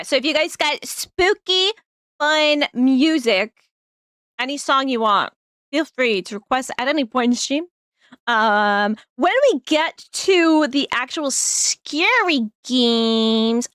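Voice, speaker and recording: A woman's voice: high-pitched, fairly bright tone, smooth, no echo, studio quality. A woman streamer chatting casually on a live stream, giggling often and rambling through plenty of fillers.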